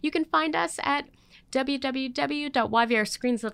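A woman's voice: high-pitched, measured pace, gravelly, fairly bright tone, dry recording. Effusive woman podcast host, dry studio. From Canada. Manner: effusive, laughs often, trails off mid-sentence. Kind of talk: casual chat. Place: studio at a kitchen table.

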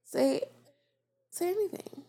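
A woman co-hosting a podcast in casual chat, teasing and quick to laugh. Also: very high voice, gravelly, warm tone, a little hiss or hum.

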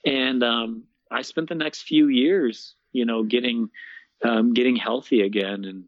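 A young man, a guest, casually telling his story in an interview, animated and laughing often, peppering his talk with "man" and "bro.". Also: mid-range voice, a little slow, no echo. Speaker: guest, fitness coach and speaker. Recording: dull, dry lo-fi sound.

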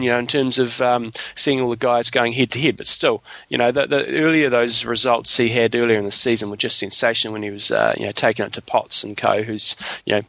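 A man's voice: medium pitch, gravelly, fairly bright tone, dry recording. A man co-hosting a podcast, talking casually and at length with lots of fillers and restarts. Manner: rambling, many fillers and restarts. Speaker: podcast co-host. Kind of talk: casual sports chat.

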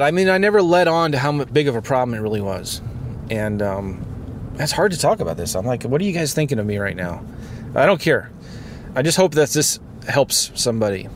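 A man of middle pitch hosting a podcast from inside his car. He talks in an earnest, confessional way, rambling through his thoughts with plenty of ums and restarts. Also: a little hiss or hum. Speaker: podcast host. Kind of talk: candid podcast monologue.

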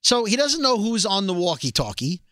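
A man's voice: high voice, moderate pace, no room sound, clean studio sound. A man co-hosting a podcast, chatting casually and rambling as he recaps a TV episode. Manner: rambling, animated, self-deprecating nerd talk. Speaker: podcast co-host.

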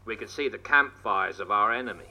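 An actor with a Norfolk accent playing a worried medieval farmer archer in an audio guide, speaking plainly and homely. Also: male voice, fairly low pitch, fairly quick, bright, forceful tone, exaggerated voice. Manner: homely, plain-spoken storytelling. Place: played outdoors from a battlefield audio post.

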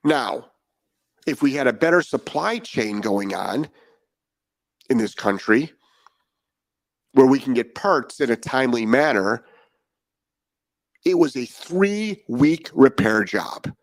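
A man's voice: medium pitch, animated, slow pace, long pauses, no room sound. Blunt, fired-up male dog trainer. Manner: blunt, profane, fired up, full of rhetorical questions. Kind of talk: podcast monologue.

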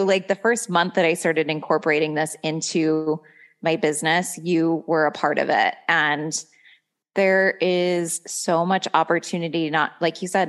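A young woman hosting a podcast in casual chat, laughing often and filling talk with "like". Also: sits low. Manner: chatty, laughs often, says like a lot. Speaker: podcast host.

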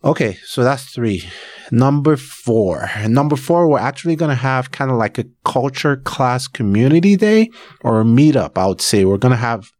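Male podcast host, casual and chatty, mid-pitched voice, dry close sound. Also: animated, normal speed, darkish tone, no room sound. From Nigeria. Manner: chatty, rambling, with frequent fillers. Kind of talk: casual solo podcast announcement.

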